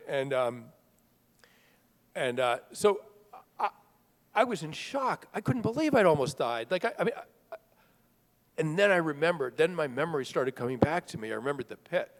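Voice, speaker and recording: A middle-aged man telling a personal story to a live audience, talking in a conversational, halting way with fillers and restarts. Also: on the high side. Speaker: author speaking at a book festival. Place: large hall at a live event. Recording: long reverb of a large hall.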